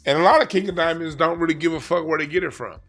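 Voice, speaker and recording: A man forecasts the year with playing cards, speaking at a quick pace in a high-side, fairly bright voice over soft background music. His casual monologue is emphatic and slangy, full of repeated and restarted phrases.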